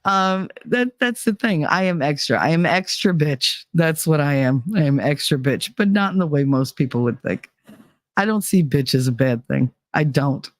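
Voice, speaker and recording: A woman hosting a podcast who tells casual stories in an animated, profane way, leaping up in pitch when she quotes people. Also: normal speed, no echo, clean studio sound. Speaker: podcast host. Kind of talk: casual storytelling.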